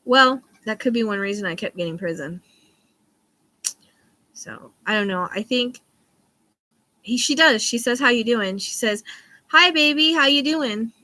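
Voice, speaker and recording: Bright-voiced rambling woman livestreaming. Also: medium pitch, a little slow, pauses often, no echo. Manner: rambling, often loses her train of thought; laughs easily between thoughts. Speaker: psychic livestream host. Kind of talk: casual live-stream chat.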